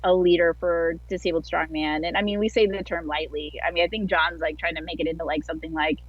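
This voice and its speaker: A woman's voice: deep voice, fairly even intonation, fast talker, no room sound. A woman guest telling her story in a casual interview over a video call, chatty and full of filler words. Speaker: guest athlete. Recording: dull lo-fi online call audio.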